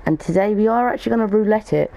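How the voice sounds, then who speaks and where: Young guy chatting thru his game, low gravelly fry, kinda dark and mellow. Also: fast talker, rough recording. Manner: chatty, thinks aloud while opening packs. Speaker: gaming YouTuber. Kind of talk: casual gaming commentary.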